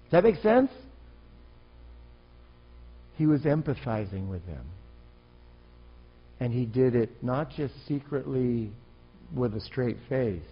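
A man's voice: medium pitch, big pitch swings, slow pace, pauses often, slightly rough, dull audio. A man preaching an impassioned, emphatic sermon as a pastor.

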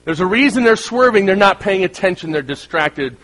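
A man's voice: high voice, lively intonation, brisk, fairly bright tone, low-quality recording. A man preaching a sermon to a congregation in a conversational way, with humorous asides and rhetorical questions to the crowd. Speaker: pastor.

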